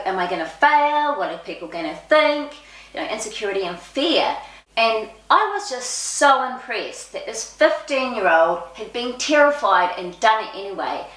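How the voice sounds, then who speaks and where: Chatty New woman in an echoey room. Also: medium pitch. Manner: chatty and expressive, acts out quoted speech. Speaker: vlogger. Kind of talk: casual personal storytelling.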